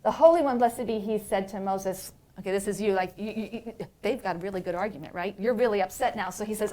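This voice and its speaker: Animated, playful woman lecturer. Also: on the high side, fairly quick, few pauses. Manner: animated, playful, asks "right?" often. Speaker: university professor, lecturer. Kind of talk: lecture on religious texts.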